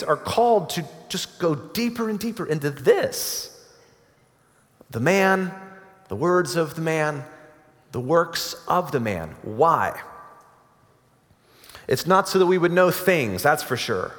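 A man preaching a sermon as a pastor, earnest, rising to emphatic peaks and dropping to soft asides. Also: fairly high pitch, in a large hall.

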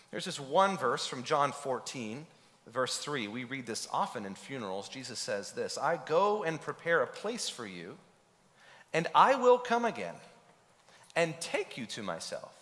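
A fairly high-voiced male pastor preaching with lively, swooping pitch and pointed rhetorical questions. His voice carries a long reverb, as if from a church sanctuary. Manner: animated, rhetorical questions, acts out voices of others. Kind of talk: sermon.

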